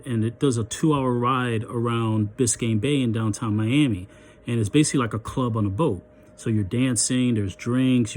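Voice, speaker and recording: A man's voice: medium pitch, a little mellow, slight background noise. Chatty man telling a story. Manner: chatty, many ums and restarts, acts out the dialogue. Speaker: vlogger. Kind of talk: casual storytime.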